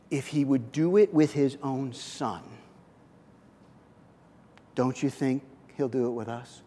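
A male pastor preaching a sermon, moving from loud, punchy emphasis to quiet, earnest intensity. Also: mid-range voice. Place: church sanctuary. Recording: long church reverb.

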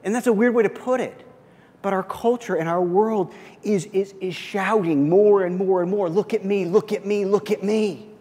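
A man preaching a sermon, emphatic, swinging from loud exclamations to soft, quiet asides. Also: sits high, normal speed, slightly rough, big-room sound. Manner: emphatic, rising loud then dropping soft. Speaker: pastor.

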